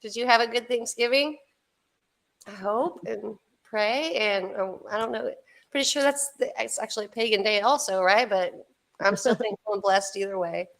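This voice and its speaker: A woman in her fifties hosts a casual podcast livestream, chatting with her co-host and greeting viewers in bubbly asides punctuated by frequent laughter. Her mid-range voice is creaky yet fairly bright, moving at a normal speed.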